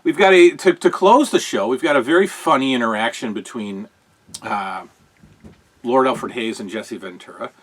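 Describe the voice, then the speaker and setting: A man with a medium-pitched voice speaks at a moderate pace, hosting a show where he casually reviews old wrestling broadcasts. He rambles, full of fillers and amused asides, often chuckling along the way.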